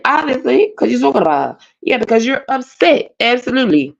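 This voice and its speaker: A woman's voice: a little high, very animated, quick pace, gravelly, few pauses, darkish tone. A woman, ranting bluntly and profanely as a panelist on a live stream. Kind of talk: casual rant on a live panel. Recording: dull lo-fi stream audio.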